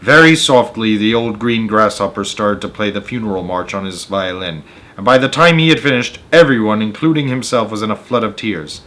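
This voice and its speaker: A man reading a children's story aloud with an animated, expressive delivery. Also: lowish voice, brisk. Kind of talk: children's book read-aloud.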